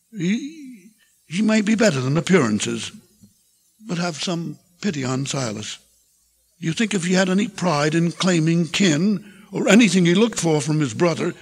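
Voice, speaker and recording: Weary, tender farm wife, read by an older man: soft and pleading, raspy grain, reverberant lecture-hall tape. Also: sits high, heavily acted. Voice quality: gravelly, husky voice.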